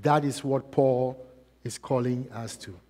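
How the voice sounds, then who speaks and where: A man preaching a sermon as pastor, asking repeated rhetorical questions and swinging between loud and soft. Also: medium pitch, steady tone, measured pace. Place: church. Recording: long church reverb.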